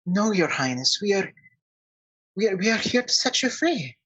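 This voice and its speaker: A man voicing an excitable, loyal young male companion in a tabletop game, speaking eagerly and quickly. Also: high voice, breathy edge, lo-fi sound, pitched above the performer's own voice, exaggerated voice. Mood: earnest.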